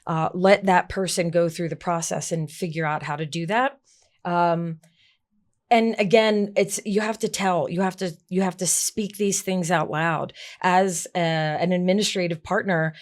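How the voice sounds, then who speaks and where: A woman guest in an interview, a former executive assistant, explaining emphatically with acted-out examples. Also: on the low side. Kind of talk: interview answers.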